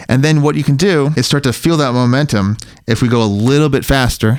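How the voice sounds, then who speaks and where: A man teaching drum technique in a recording studio, counting beats out loud in an easygoing way as he plays. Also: medium pitch, brisk, few pauses. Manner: relaxed, counts beats aloud while playing. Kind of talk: instructional demonstration with counting. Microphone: studio mic near the drum kit.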